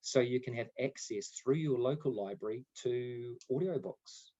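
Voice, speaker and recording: Animated male podcast storyteller. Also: mid-range voice, normal speed, dull audio. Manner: animated, acts out quoted dialogue. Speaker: podcast co-host. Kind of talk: casual chat, storytelling.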